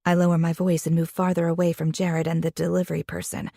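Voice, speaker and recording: A young woman reading a first-person romance audiobook in an expressive, intimate way, with a husky voice. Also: lowish voice, fast talker, hardly any pauses, dry recording, clean studio sound. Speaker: audiobook narrator.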